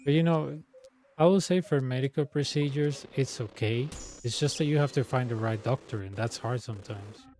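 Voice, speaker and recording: A man's voice: mid-range voice, normal speed, a little mellow, soft background music. A man whose first language is Spanish, chatting casually and rambling through stories with many restarts while streaming a game. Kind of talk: casual chat while gaming.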